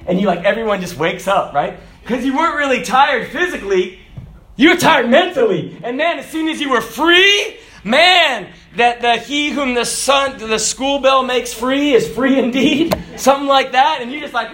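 A man delivers an energetic, folksy sermon with a high voice, breaking into laughs and shouts. He was recorded on a phone in an echoey room. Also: moderate pace. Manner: animated, folksy preaching with laughs and shouted lines. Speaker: preacher.

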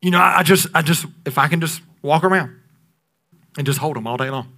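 A man in his thirties, a pastor preaching a sermon, shifting between loud emphatic peaks and hushed, drawn-out lines. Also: a little high. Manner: dynamic preaching, swings between loud peaks and near-whispers.

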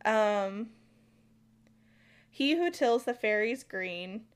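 A woman's voice: mid-range voice, unhurried. An American woman co-hosting a podcast, chatting casually about folklore with lots of fillers and some stumbling. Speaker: podcast co-host.

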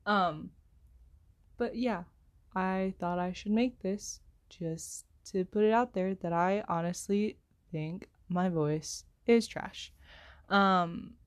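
A young woman rambling alone into a headphone microphone, self-deprecating and apologetic, with many filler words and slow pauses while she searches for words. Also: on the low side, clean tone. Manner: speaks slowly, pauses to find words. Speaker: solo podcaster. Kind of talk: rambling solo chat.

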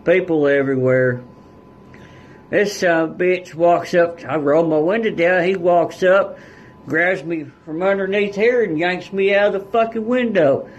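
On a podcast, a male guest with a high, slightly slow voice tells a story casually and bluntly, the audio sounding dull. He swears heavily and leans on rural turns of phrase.

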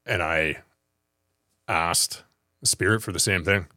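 Casting: male podcast host, very low voice, earnest and measured, dry close sound. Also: sharp tone, no room sound. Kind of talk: reflective conversation.

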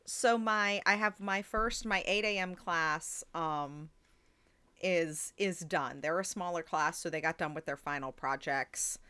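A woman's voice: on the low side, a little slow, pushed and bright, smooth, no echo. Woman, podcast co-host, teacher, casual storytelling, chatty, swears. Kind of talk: casual chat.

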